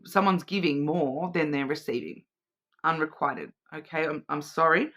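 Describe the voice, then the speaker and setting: Bright-voiced woman reading oracle cards. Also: deep voice, animated, normal speed. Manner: rambling, hesitant, repeats and restarts words. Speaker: tarot and oracle card reader. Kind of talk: casual intuitive card reading.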